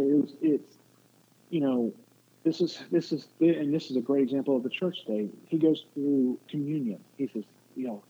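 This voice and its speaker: A male guest with a medium-pitched, slightly breathy voice talks casually about faith, rambling, frequently restarting, and acting out quotes. The line is tinny and muffled like a phone, with faint noise.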